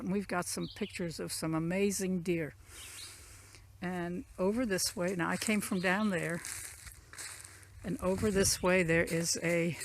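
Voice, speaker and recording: A woman with a gravelly, fry-edged voice chats her way through a walking tour of her country property. She is recorded outdoors on a handheld phone, rambling easily and pointing things out as she walks. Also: lowish voice, a little hiss or hum. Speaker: channel owner giving a property tour. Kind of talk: casual walking tour narration. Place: outdoors in rural woods and fields. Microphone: phone camera carried while walking.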